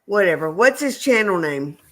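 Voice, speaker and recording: A woman co-hosting a homestead livestream, chatting casually and easygoing with many pauses and fillers. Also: medium pitch, animated, a bit bright. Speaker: homestead channel co-host.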